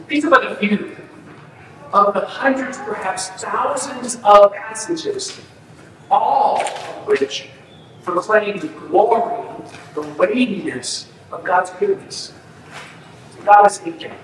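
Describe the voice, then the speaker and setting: A man's voice: high voice, animated, slow pace, big-room sound, noisy background. A male pastor preaching a sermon in an earnest teaching manner, often checking in with "okay?" and "right?".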